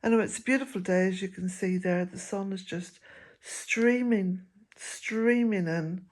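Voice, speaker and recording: An older woman, chatting to camera in a gentle, rambling way and chuckling often. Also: fairly low pitch, fairly even intonation, fast talker. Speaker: vlogger. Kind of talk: casual chat to camera.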